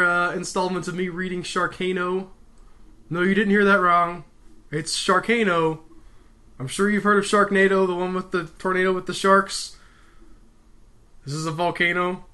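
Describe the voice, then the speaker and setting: Bright-voiced man doing a jokey read-aloud. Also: high-pitched. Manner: rambling, sarcastic asides. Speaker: reader, host. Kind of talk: casual comedic read-aloud.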